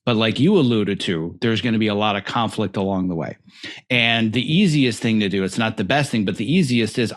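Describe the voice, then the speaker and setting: A middle-aged man hosting a podcast, telling a reflective personal story at a steady pace. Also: fairly low pitch, brisk. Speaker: podcast host. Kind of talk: conversational interview.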